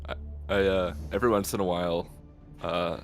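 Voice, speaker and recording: A man's voice: deep voice, steady tone, a little fast, soft background music. A man from the American Midwest with a Midwestern accent, chatting casually and tossing in joking asides with chuckles. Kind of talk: casual chat.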